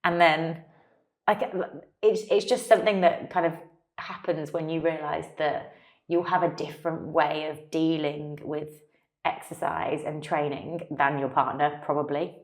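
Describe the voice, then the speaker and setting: A chatty woman in her thirties co-hosts a casual talk. Her voice sits low for a woman, and she often breaks off mid-thought or slips in a laugh. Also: steady tone, measured pace. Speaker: podcast co-host. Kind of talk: casual chat.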